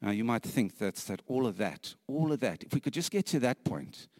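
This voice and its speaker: A man preaching a sermon earnestly, repeating phrases for emphasis, sometimes dropping to a hushed whisper and laughing lightly between points. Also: medium pitch, sing-song, normal speed, no echo, clean studio sound, in a large hall.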